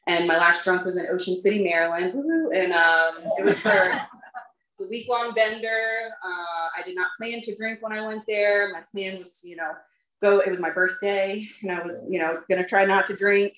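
A woman's voice: mid-range voice, steady tone, normal speed, fairly bright tone. A woman candidly telling her recovery story to a group, chatty and full of fillers, laughing at herself now and then. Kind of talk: personal recovery testimony to a group. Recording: roomy echo.

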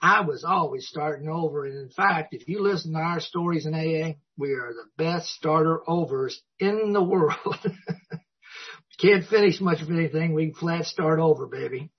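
A man's voice: fairly high pitch, normal speed, husky. A man sharing his personal story at a recovery meeting, a folksy, self-mocking storyteller who chuckles often. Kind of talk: personal story told to an audience. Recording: dull lo-fi recording.

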